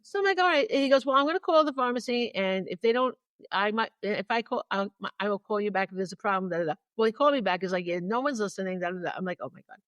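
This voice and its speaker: A woman's voice: mid-range voice, expressive, fast talker, fairly bright tone, no room sound. A woman co-hosting a podcast in casual chat, telling a story with energy and acting out both sides of the phone calls as she goes. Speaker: podcast co-host.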